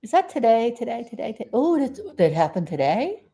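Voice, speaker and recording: A woman from South Florida chatting casually to camera as a vlogger, folksy and rambling, with sudden loud outbursts followed by sheepish apologies. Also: a little high, sing-song, brisk. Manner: folksy, talks aside to her dog.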